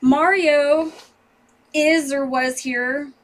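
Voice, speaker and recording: A woman's voice: sits high, steady tone, extremely slow. A young woman chatting casually on a live stream from home, giggly and rambling. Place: home room. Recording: distant mic with clear background noise.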